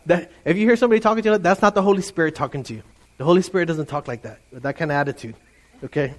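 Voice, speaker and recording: A middle-aged man preaching a lively sermon to his congregation, animated and playful, often mimicking voices. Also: high voice, fairly quick. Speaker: pastor.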